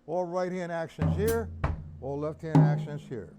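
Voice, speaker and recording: A man with a slightly raised voice runs a live-streamed drum lesson, sounding tired but staying chatty and relaxed. He greets viewers by name as he explains the exercises. Loud drumming fills the recording around his speech. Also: on the high side, a little slow, over loud music. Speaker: drum teacher.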